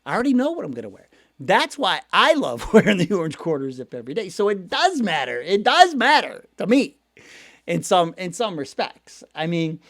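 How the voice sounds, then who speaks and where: A man with a Cleveland accent hosting a fan show, chatty and animated, laughing often as he reads viewer comments. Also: sits high, moderate pace, no echo, studio quality. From Ohio. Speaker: sports podcast host reading viewer comments. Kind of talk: casual fan talk show.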